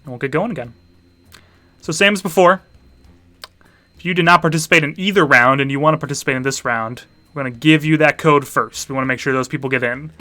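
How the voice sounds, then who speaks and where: A man's voice: fairly high pitch, fast, pauses often, sharp tone, dry recording. A man, a teacher hosting a party game stream for students, chatting casually with dry offhand asides as he sets up rounds. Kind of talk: casual livestream chat.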